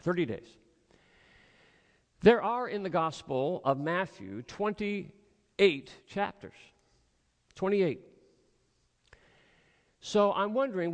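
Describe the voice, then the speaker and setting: A man's voice: on the high side, creaky. A pastor giving a sermon in a church, earnest and rhetorical, acting out the voices of his listeners. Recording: long hall reverb.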